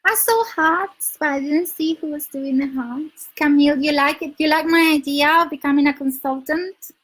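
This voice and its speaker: A woman's voice: high-pitched, normal speed, fairly bright tone, poor audio. A woman from Spain with a Spanish accent, chatting casually on a live stream, giving dating advice, laughing often and reading out viewer comments. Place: her home in London.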